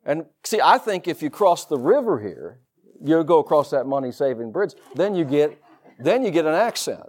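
A man with a Southern US accent preaches to his congregation in a loose, folksy way, full of asides and quick laughs. His voice sits a little high for a man and swings up and down with lively energy. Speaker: pastor. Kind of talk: sermon.

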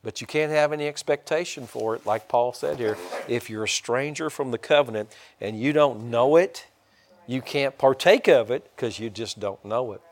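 A middle-aged pastor delivers a sermon at a normal speed, his folksy, rambling talk full of restarts and broken by sudden high, loud bursts of excitement.

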